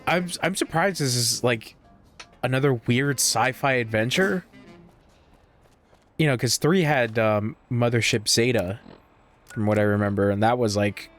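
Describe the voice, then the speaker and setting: A man's voice: medium pitch, unhurried, long pauses, a bit bright, soft background music. Sleepy, rambling gamer guy swearing. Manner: rambling and sleepy, with lots of fillers, restarts and swearing. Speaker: gamer playing and commenting. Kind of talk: casual gaming commentary.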